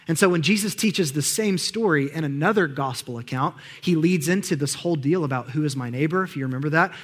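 A male pastor delivers a sermon in a conversational, storytelling manner, pushing up for emphasis. His voice sits fairly high for a man. The recording carries a long reverb from a large hall. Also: a bit bright.

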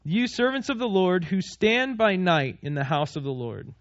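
High-voiced man preaching a sermon. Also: animated, normal speed, no echo, highs cut off. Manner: conversational, asks the congregation questions and jokes. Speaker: pastor.

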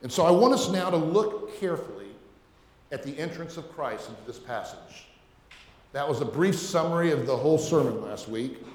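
A man's voice: fairly high pitch, animated, moderate pace, darkish tone. Emphatic male preacher in an echoing hall. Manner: emphatic, questioning, repeats words. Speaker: pastor. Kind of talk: sermon. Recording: echoey hall.

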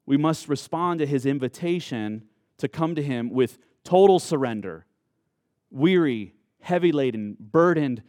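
A male pastor preaches in an earnest voice of middling pitch and leans into key words with slow, emphatic phrasing. The recording is dry and close, with no room echo. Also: lively intonation, a little mellow. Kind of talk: sermon.

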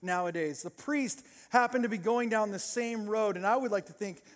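A man with a high voice preaches to a congregation and acts out the characters with sarcastic voices. His voice carries a long reverb from a large church hall. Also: moderate pace. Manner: animated storytelling, acting out sarcastic voices. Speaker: pastor. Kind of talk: sermon.

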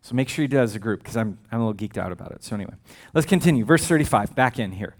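A man's voice: mid-range voice, expressive, rapid-fire. A male pastor preaching a sermon in a conversational, humorous way, with frequent asides.

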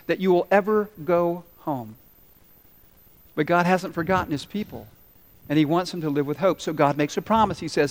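A man pastor preaching a sermon, slowing for emphasis and acting out the quoted voices of the story. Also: high voice, lively intonation. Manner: dramatic pauses and voiced quotes. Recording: long hall reverb.

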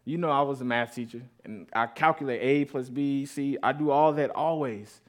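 A man's voice: medium pitch, moderate pace. Man preaching an emotional sermon. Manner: emotional, rising intensity at moments of grief. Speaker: pastor. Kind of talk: sermon with personal story.

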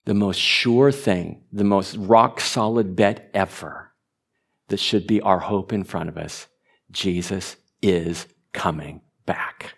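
A man preaching a sermon, animated, stumbling over repeated words and rising to emphatic peaks. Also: low-pitched, takes it slowly, vocal fry, slightly rough. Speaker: pastor.

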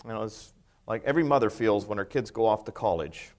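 A man's voice: lowish voice, expressive, fast. A middle-aged male pastor preaching a sermon, emphatic, with many rhetorical questions.

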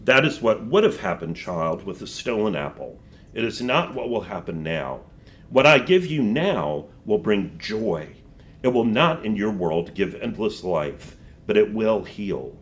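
A man reading as a grave, gentle lion. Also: fairly low pitch, big pitch swings. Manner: slow, grave, soft-spoken. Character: solemn, gentle great lion speaking to a child. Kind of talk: reading a storybook aloud.

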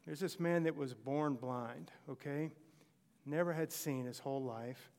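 A man's voice: medium pitch, unhurried, darkish tone, big-room sound. A man preaching a sermon, telling Bible stories and acting out short exchanges between characters.

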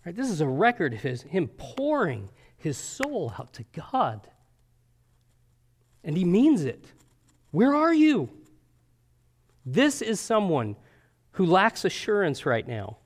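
Earnest man preaching, slightly high voice. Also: huge pitch swings, a little slow. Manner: earnest, conversational, with frequent fillers and "right?" checks. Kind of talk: sermon.

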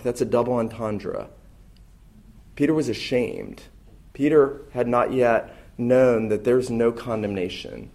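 A male pastor delivering a sermon in an earnest, emphatic way, pressing hard on the words he wants to land. His voice sits at an ordinary middle pitch for a man, neither deep nor high. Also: expressive, measured pace, a little mellow. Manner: earnest, emphatic preaching with rising intensity.

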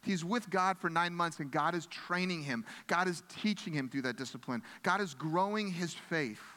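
A man's voice: a little high, pushed and bright, long reverb tail. A pastor preaching a sermon in an earnest, conversational way, often restarting his phrases.

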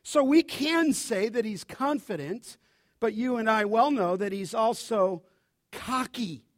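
A man preaching a sermon as pastor, animated, often asking his listeners to finish his sentences. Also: high voice, unhurried, no room sound, clean studio sound. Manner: animated preaching, asks the congregation to fill in words.

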